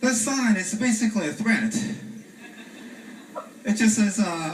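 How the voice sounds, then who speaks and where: A man from China with a Chinese accent, doing a stand-up comedy set in a deadpan way with frequent "uh" pauses. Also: high voice. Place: comedy stage before a live audience. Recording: echoey stage from far off with loud room noise.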